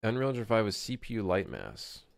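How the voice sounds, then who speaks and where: A man's voice: on the low side, wildly swooping pitch, a little fast, vocal fry, no echo, studio quality. A young man streaming while working on his game, chatting casually with viewers, swearing and venting in frustration. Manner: profane, exasperated, talks to chat. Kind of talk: casual livestream chat.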